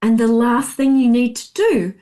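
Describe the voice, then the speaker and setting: Chatty expressive woman sales coach. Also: on the high side, normal speed. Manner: expressive, chatty, acts out client voices. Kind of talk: webinar masterclass teaching.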